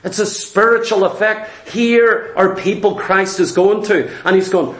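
A man with a very high voice delivers a sermon with emphatic, repetitive phrasing. His words ring out in an echoey room. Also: fairly even intonation, measured pace. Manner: emphatic, repetitive preaching, rising to shouts. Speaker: preacher.

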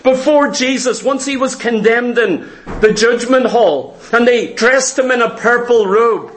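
A man's voice: extremely high pitch, a little slow. A man preaching a sermon in an earnest, emphatic way, asking his listeners questions.

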